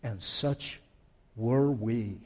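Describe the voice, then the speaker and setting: A male pastor preaching a sermon to his congregation, joking with them in conversational asides, then turning quiet and reflective or rising to emphatic declarations. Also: medium pitch, drawn-out words.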